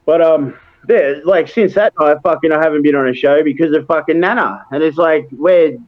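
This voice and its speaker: A man's voice: a little high, normal speed, narrow, tinny audio. An Australian man, a wrestler guesting on a podcast, ranting bluntly and swearing constantly in casual chat.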